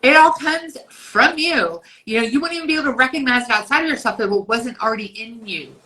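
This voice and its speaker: A podcast co-host in her fifties speaks with a bright, forceful tone, pitched a bit higher than most women. She's blunt in casual chat, swears freely, and slips into quick voiced asides, though the audio quality is poor.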